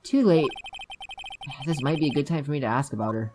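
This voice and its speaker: A woman's voice: low voice, a little fast, over music. Offhand woman doing game commentary. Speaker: gaming youtuber. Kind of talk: let's play commentary.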